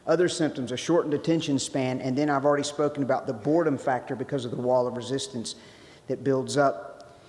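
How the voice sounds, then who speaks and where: A man's voice: medium pitch, steady tone, brisk, a little mellow. A man giving a conversational sermon-style talk as a guest speaker, restarting phrases and adding joking asides. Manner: conversational, self-interrupting, jokey asides. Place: church sanctuary. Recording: long hall reverb.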